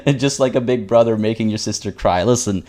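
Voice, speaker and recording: A man's voice: fairly low pitch, brisk, dark tone. A man streaming a strategy game, chatting playfully with his viewers, reading event text aloud, joking and often stumbling over and repeating his words. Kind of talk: live-stream gameplay commentary.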